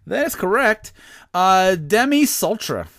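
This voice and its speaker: A man's voice: sits high, sing-song, slow, fairly bright tone, no echo, studio quality. A man hosting a comedy podcast, reading quiz questions in a playful, mock-serious way. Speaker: podcast host.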